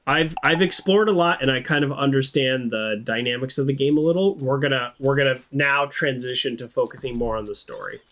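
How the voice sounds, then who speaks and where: A man's voice: medium pitch, a little fast, few pauses, fairly bright tone. A man giving chatty, amused let's-play commentary, thinking aloud as he plays a story game. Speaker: game streamer. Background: game music.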